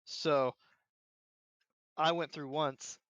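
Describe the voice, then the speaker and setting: A young man telling a childhood story in casual chat, animated, acting out his own past thoughts. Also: fairly high pitch, drawn-out words, no echo, low-quality recording. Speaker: podcast co-host.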